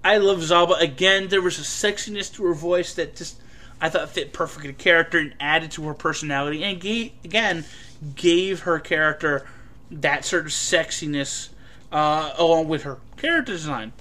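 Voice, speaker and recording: A man giving a casual, rambling film review, full of fillers and an animated delivery. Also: a little high, normal speed.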